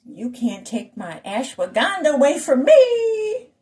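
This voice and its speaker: Woman doing a crazy old granny: shrill, wailing, high and loud. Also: wildly swooping pitch, unhurried, heavily acted. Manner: wailing, shrieking complaint.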